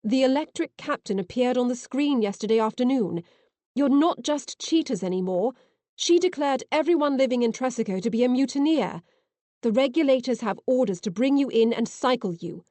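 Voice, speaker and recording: A woman's voice: fairly high pitch, lively intonation, moderate pace, dark tone, no echo, lightly acted. A woman voicing an urgent young man. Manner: urgent, insistent warnings.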